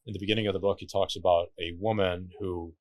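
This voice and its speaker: A Lebanese man with a very deep voice appears as a podcast guest, spinning stories in a lively, relaxed way and swearing casually. He talks quickly, and the recording is dry and close-miked with no room sound or echo.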